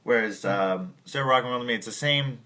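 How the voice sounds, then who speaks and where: A piano teacher gives a casual music tutorial in a brisk, mid-range voice that sounds pushed and bright. He rambles with many restarts and stops to sing and scat rhythms as examples.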